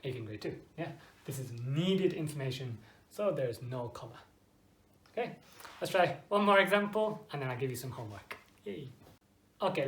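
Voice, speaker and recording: An English teacher giving an online grammar lesson to Japanese learners, speaking simple, slow English, often checking with "okay?" and exaggerating intonation to demonstrate. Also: mid-range voice. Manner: frequent checking "okay?" with students; drops in short Japanese phrases. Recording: echoey room.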